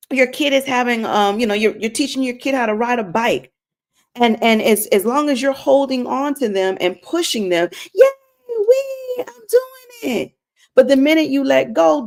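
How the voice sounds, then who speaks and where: A woman talks straight to her viewers in a faith-based live stream, earnest and a little preachy. She keeps circling back to her point and repeats it for weight. Her voice sits fairly high with a gravelly, creaky edge. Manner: addresses viewers directly. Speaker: inspirational streamer.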